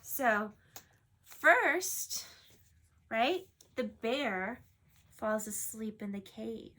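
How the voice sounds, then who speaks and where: A woman teacher reading a picture book aloud in an animated way and then asking her class questions about it. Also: on the high side, drawn-out words.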